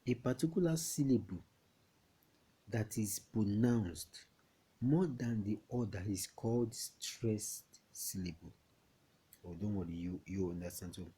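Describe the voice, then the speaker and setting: Low-leaning, warm and husky, this male voice belongs to a Nigerian-accented teacher giving young pupils an English lesson. He's chatty and keeps asking again whether they've understood.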